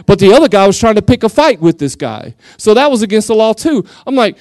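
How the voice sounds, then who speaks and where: A man with a West Texas accent, a pastor giving a lively, joking sermon and acting out quotes. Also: sits high, quick pace, no room sound. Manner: animated, jokey, laughs often, acts out quotes.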